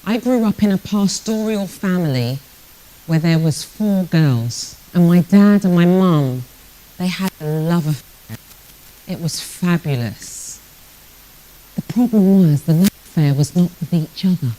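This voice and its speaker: This motivational talk comes from a woman from Britain in her sixties who works the networking circuit, mixing storytelling and humor while speaking directly to listeners. Her lowish, mellow voice has lively intonation and a measured pace, and the low-quality recording carries a little hiss or hum.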